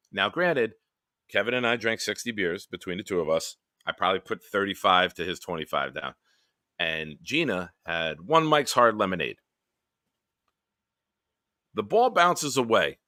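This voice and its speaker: A man hosting a late-night live stream hangout, telling stories in a profane, animated way. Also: lowish voice, no echo, clean studio sound. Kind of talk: casual late-night storytelling.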